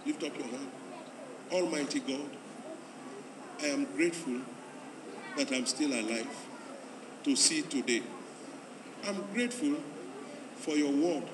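A man, a pastor at a church convention, leading an altar call and a prayer, repeating his urgent calls to come forward. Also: fairly high pitch. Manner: repetitive, urging, rising to loud pleading calls. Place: large church hall at a convention. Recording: echoey hall, distant mic, crowd noise.

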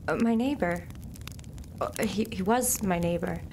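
An actress playing a fearful, evasive recluse. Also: female voice, medium pitch, noisy background, lightly acted. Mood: hesitant. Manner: hesitant, evasive, halting. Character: frightened reclusive woman, evasive and fragile. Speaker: patient being questioned.

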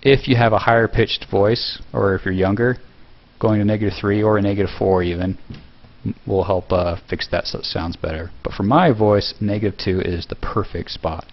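A man casually talking through a tutorial step by step, relaxed, with fillers and self-corrections. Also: lowish voice, normal speed, highs cut off. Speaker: video tutorial host. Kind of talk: casual screen-recorded tutorial.

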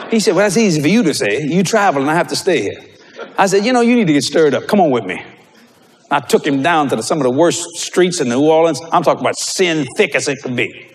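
Animated preacher man, lively pitch. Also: a little fast, pauses often. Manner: animated storytelling, breaks into shouts. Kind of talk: sermon.

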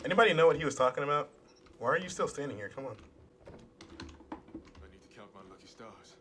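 A man's voice: mid-range voice, fairly quick, long pauses, a bit bright. Profane, joking young man playing a game. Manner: profane, sarcastic, jokey; talks to game characters. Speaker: gaming channel host. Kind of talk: casual let's play commentary.

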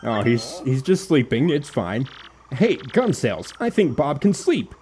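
A man's voice: medium pitch, very animated, measured pace, darkish tone, a little hiss or hum. Laid-back man streaming a game. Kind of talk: casual gameplay commentary.

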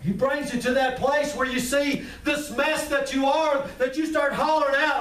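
A man's voice: very high voice, little pitch movement, normal speed, few pauses, a bit bright. A man preaching an impassioned sermon in a church, calling out to the congregation. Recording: echoey room, mic at a distance.

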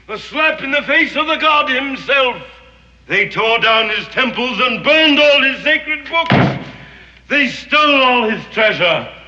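Fanatical English zealot. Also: male voice, on the high side, sharp tone, exaggerated voice. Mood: impassioned. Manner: grandiloquent, theatrical prophesying. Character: fanatical Englishman guarding a sun god's gold. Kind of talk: 1960s TV western acting. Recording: echoey, roomy, slightly dull old TV audio.

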